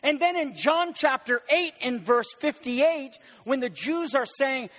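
A man preaching a sermon in an animated way, rising to shouts on key words and making quick asides to his congregation. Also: very high voice. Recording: long hall reverb.

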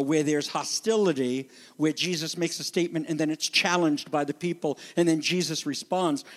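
A man preaching a sermon as pastor, animated and conversational, acting out the voices he quotes. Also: a little high, big-room sound.

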